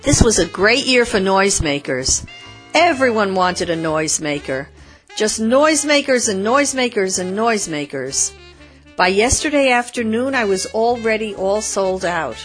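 A woman's voice: mid-range voice, voice pushed up, natural voice. A woman voicing an eager young man retelling his day selling noisemakers.

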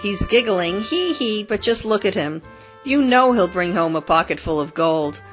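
A woman's voice: on the low side, lively intonation, normal speed, soft background music, lightly acted. A woman voicing a jovial townsman who teases a little boy. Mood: teasing. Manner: teasing, coaxing. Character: teasing adult townsman, jovial.

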